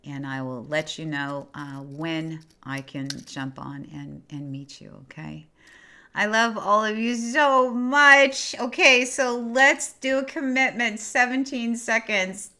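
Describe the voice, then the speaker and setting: Low-pitched woman with a bright, forceful tone, hosting a casual livestream and encouraging viewers from the chat. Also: slight background noise. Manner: encouraging, reads viewer chat aloud and answers; warm and effusive. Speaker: livestream host.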